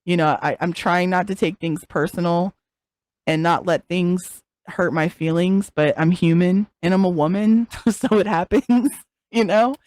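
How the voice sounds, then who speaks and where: A woman's voice: fairly low pitch, measured pace, a little mellow, no echo. A middle-aged woman being interviewed, talking candidly and frankly, swearing freely and laughing often. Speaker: interview guest, content creator.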